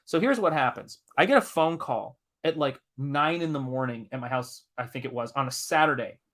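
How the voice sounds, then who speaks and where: Speaking at a normal speed in a mid-range voice, a Southern man from Tennessee runs a live stream where he chats and spins an animated, emphatic yarn. The comic artist reads chat comments aloud and swears occasionally when he gets worked up.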